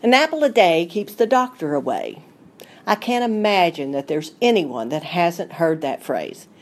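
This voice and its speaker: A woman's voice: on the low side, big pitch swings, a little slow. Middle-aged woman, southern appalachian accent, folksy, chatty, radio food segment. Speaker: food writer.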